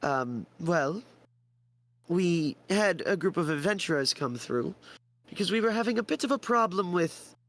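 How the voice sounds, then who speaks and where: A fussy, flustered old villager, polite and halting, his voice pushed up high, as a man plays him in a tabletop game. He stumbles through ums and gentle exclamations. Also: expressive, full character voice, poor audio.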